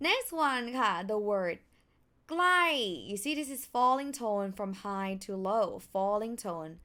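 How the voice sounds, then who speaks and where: A young woman with a Thai accent teaching a language lesson, slowing right down to sound out each tone. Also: mid-range voice, animated, fairly bright tone, clean tone. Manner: slow, careful, drawn-out tone demonstrations.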